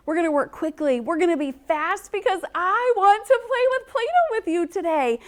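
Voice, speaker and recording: A woman teacher giving a recorded lesson to young children, playful and encouraging with a sing-song delivery. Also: high-pitched.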